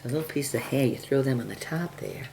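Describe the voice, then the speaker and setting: Very low, gravelly woman cooking at home. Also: quick pace, warm tone. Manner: chatty, thinks aloud, clears her throat often. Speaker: home cook demonstrating a recipe. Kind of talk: casual cooking demonstration. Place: home kitchen. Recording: home video with kitchen noise. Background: chopping, dishes and cutlery clatter.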